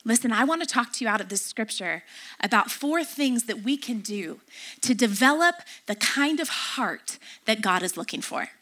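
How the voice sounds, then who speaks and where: A woman's voice: a little high, animated, normal speed, pushed and bright. A middle-aged woman pastor preaching a sermon, emphatic and repeating key phrases.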